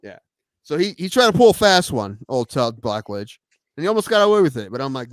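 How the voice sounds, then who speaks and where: A man's voice: medium pitch, big pitch swings, fairly quick, no room sound. Rambling man in a dry room. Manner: rambling, drops to mutters, swears freely. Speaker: podcast co-host, sports referee. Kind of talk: casual chat.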